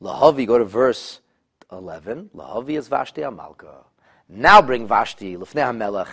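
A man teaching a Torah text study class, animated, with halting restarts and repeated words. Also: mid-range voice, gravelly, breathy edge. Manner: animated, rising to exclamations, voices the king in quotes.

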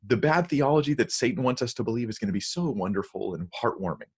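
A man in a conversational podcast discussion, speaking earnestly and emphatically about Bible translations and reading verses aloud slowly. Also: medium pitch, expressive, a little mellow, slightly rough.

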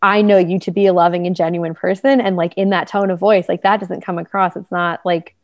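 A woman's voice: fairly low pitch, little pitch movement, a little fast, dry recording. A woman co-hosting a casual talk show, chatting with many fillers and acting out quoted speech in different voices. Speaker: podcast co-host. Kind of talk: casual conversation about relationships.

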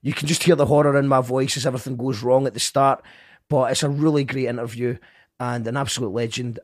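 A man's voice: mid-range voice, fast, faint music behind. A man hosting a podcast, talking casually and earnestly to his listeners, with frequent restarts. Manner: stumbling, earnest, lively. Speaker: podcast host.

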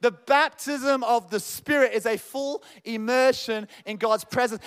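A young man preaching a sermon with lively energy, telling stories and acting out the conversations in them. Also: extremely high pitch, a little slow, smooth. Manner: energetic storytelling preacher, acts out dialogue. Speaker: pastor.

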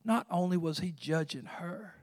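A man preaching a sermon as pastor. He swings from hushed, intimate talk to loud exclamations and often repeats words. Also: high voice, expressive, moderate pace, no room sound, clean studio sound.

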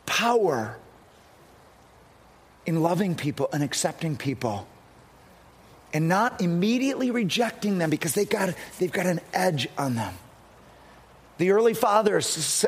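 Middle-aged man, pastor, high and husky voice, earnest storytelling sermon delivery. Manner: storytelling, earnest, with frequent restarts.

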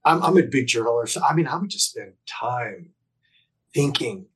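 Husky-voiced middle-aged man telling a personal story. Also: medium pitch, animated, moderate pace, low-quality recording. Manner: reflective, earnest, with frequent restarts and self-corrections; shifts between emphatic bursts and soft, hushed phrases. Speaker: podcast guest. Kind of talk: candid conversational storytelling.

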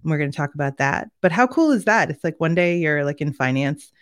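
A woman's voice: sits low, lively intonation, a little fast. Giggly chatty female co-host. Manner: giggly, chatty, laughs often. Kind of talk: casual chat.

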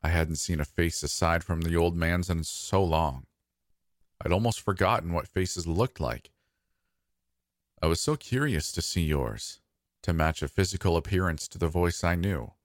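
A man narrating a scripted first-person horror story in a soft, intimate, slow manner. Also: low-pitched, dry recording, studio quality.

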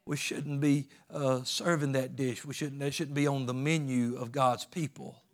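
A man's voice: medium pitch, fairly even intonation, normal speed. A man preaching a sermon in a folksy, emphatic way, with plain rural grammar.

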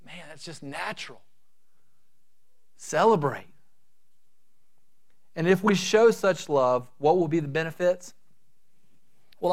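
A middle-aged male pastor preaching a sermon, swinging between loud, drawn-out emphasis and quiet, quick asides. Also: fairly high pitch.

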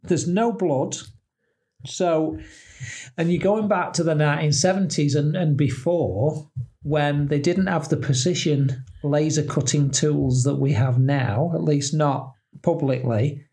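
A man's voice: a little high, a little slow, warm tone. A middle-aged man, co-hosting a podcast in casual chat, joking and laughing often as he reads out what he finds. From England. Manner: jokey, laughs often, reads out search results. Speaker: podcast co-host.

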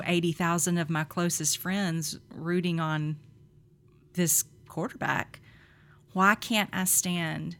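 A middle-aged woman co-hosting a faith podcast, telling lively stories, laughing often and acting out quotes. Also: fairly low pitch, gravelly. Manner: animated storyteller, laughs often, acts out quotes.

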